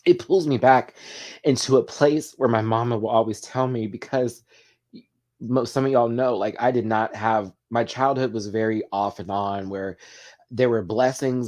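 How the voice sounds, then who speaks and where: A man hosts a casual live chat, choked up and emotional. His voice sits a little low, and he talks in an open, heartfelt way, swearing freely as he reads comments. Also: steady tone, normal speed, a little mellow. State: tearful, emotional. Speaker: livestream host.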